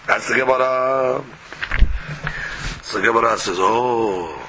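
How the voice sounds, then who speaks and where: A man's voice: medium pitch, animated, normal speed, pauses often, pushed and bright, a little hiss or hum, low-quality recording. A man teaching a Talmud class, arguing both sides with rhetorical questions.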